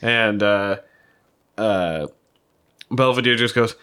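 A man's voice: fairly low pitch, moderate pace, fairly bright tone. A man narrating as game master of a tabletop game, loose and full of fillers.

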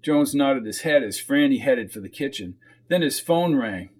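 A man reading an audiobook in steady, measured narration. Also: medium pitch, slightly rough.

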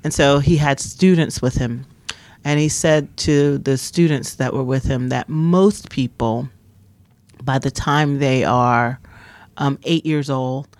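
A woman in her fifties co-hosting a casual chat, telling animated stories and laughing often. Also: rumbling low, takes it slowly, no echo. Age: 50s. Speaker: podcast co-host.

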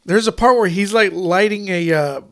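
A man's voice: sits high, normal speed. A man rambling through a casual chat about movies, full of fillers, restarts and casual swearing.

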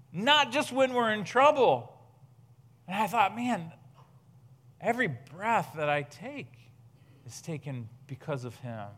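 A man's voice: high voice, a bit bright. A man preaching a sermon in an earnest, questioning manner, building to emphatic outbursts. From United States. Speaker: pastor.

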